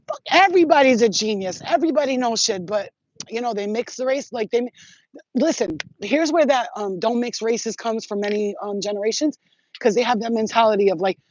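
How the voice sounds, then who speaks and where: Woman, higher voice, excitable and profane, rambling vlog talk, dry dull lo-fi sound. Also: dry recording. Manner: profane, excitable, streetwise slang. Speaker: spiritual vlogger. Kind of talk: rambling casual monologue to viewers.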